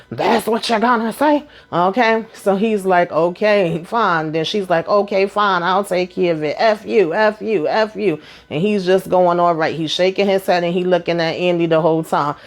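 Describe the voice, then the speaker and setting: A woman casually recapping a TV episode, acting out characters' lines in quick, animated bursts and blunt, profane asides. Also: fairly low pitch. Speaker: TV show recap host.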